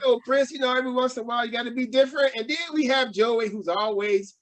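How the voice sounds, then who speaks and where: A man's voice: very high-pitched, fairly even intonation, fast talker, a bit bright. A man hosting a casual sports podcast, hyped and joking with his co-hosts and laughing often. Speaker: podcast host.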